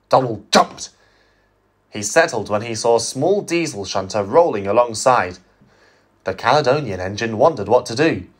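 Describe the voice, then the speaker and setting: A man narrating a fan-made storybook tale in an expressive storytelling voice. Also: medium pitch.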